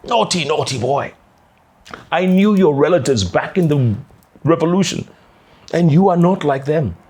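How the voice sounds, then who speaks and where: A man's voice: a little high, lively intonation, a little slow, darkish tone, slightly rough, voice pushed up. A man doing a stern, scolding old president. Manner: scolding and mocking. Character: stern teasing elderly male president, commanding.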